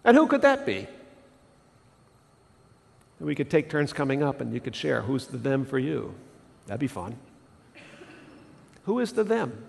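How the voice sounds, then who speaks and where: A male pastor preaching a sermon in an animated way, putting questions to the congregation. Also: medium pitch, moderate pace, vocal fry, pauses often, in a large hall. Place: church sanctuary.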